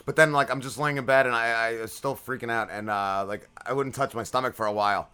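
A man with a bright, forward voice rambles through crude stories on a casual podcast. He swears constantly and drifts from tangent to tangent as he talks. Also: medium pitch, steady tone, fast, clear, resonant tone. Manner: profane, rambling storyteller. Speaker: podcast host.

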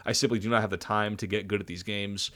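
Low-voiced man rambling on a podcast. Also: fairly even intonation, fast talker, sharp tone. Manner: rambling with many fillers and restarts. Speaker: podcast co-host. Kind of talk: casual podcast chat.

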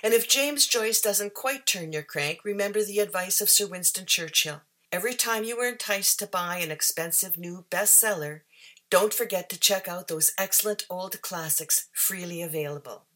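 A woman radio host reading a scripted outro in a cheerful, measured way. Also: medium pitch, a bit bright.

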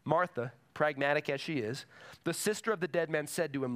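A man's voice: a little high, a little fast, a bit bright. A man preaching a sermon to a congregation in a church, emphatic and repeating his key phrases. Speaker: pastor.

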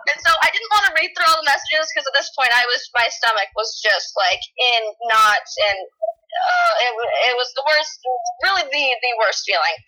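Young adult woman, guest; high, bright, emotional storyteller. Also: very animated, moderate pace, poor audio. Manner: emotional storytelling, lots of fillers. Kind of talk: casual chat.

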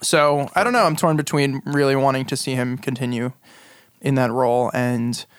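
A man's voice: medium pitch, clean tone, no room sound, clean studio sound. A man running a tabletop game, chatting casually and rambling with hesitations. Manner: rambling, hesitant, fast when excited. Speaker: dungeon master.

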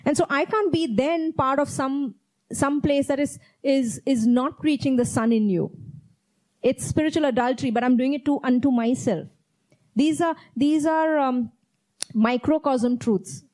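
Emphatic high-voiced woman preaching. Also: a little slow, warm tone, rough recording. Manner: earnest, emphatic, repeats key phrases. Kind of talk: sermon teaching with Bible reading. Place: church.

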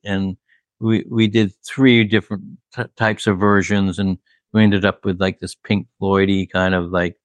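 A man's voice: deep voice, no room sound. A man, a record producer, telling studio stories in a rambling, casual way, full of "like" and "you know", laughing at his own anecdotes. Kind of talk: casual storytelling.

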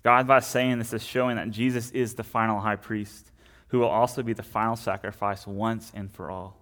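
A man's voice: on the low side, fairly even intonation, moderate pace, fairly bright tone. A man, probably young, preaching a conversational sermon, often adding "right?" and restarting his sentences.

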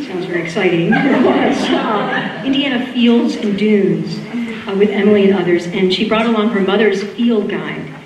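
A woman with a Boston accent introducing lecture speakers at a school event, talking loosely with many fillers. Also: medium pitch. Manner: warm rambling with fillers and laughs. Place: lecture hall. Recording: echoey hall, distant mic, faint room noise.

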